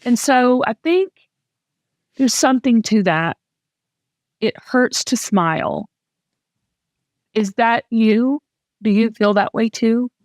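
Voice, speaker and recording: A woman's voice: fairly high pitch, lively intonation, takes it slowly, long pauses, a little mellow, no room sound, clean studio sound. A middle-aged Southern woman hosting a candid, casual talk, speaking with heartfelt emotion and frequent restarts. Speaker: host.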